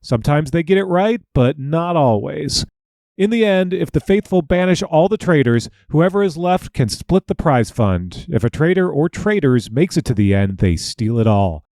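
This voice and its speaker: Give a bright, animated read, slightly higher than a typical man, as the podcast host narrating a polished scripted intro. Keep the mic close and dry, with no room sound. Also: moderate pace, no room sound. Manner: smooth, even-paced introduction of the show and guest.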